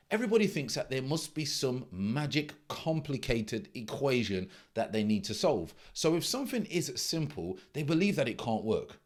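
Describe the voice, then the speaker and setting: A middle-aged man, a trading mentor giving a blunt, emphatic casual monologue that repeats its key points. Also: medium pitch.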